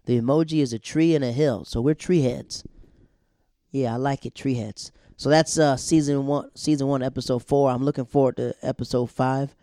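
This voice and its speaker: A man casually recapping a TV episode, animated and slangy, acting out the characters' lines as he goes. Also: medium pitch, moderate pace, no room sound, clean studio sound. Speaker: show recapper.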